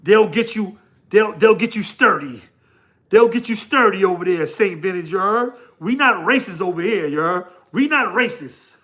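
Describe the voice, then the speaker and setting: A man's voice: high voice, sharp tone. A man with a New York accent hosting a casual livestream, laughing often and talking slangily to his chat. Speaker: livestream host.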